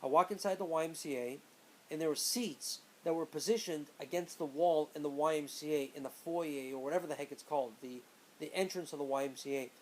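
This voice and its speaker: A man casually telling a personal story, animated, acting out the people in it. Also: on the high side, a little fast, slight background noise, rough recording. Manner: animated, acts out quoted friends in raised voices.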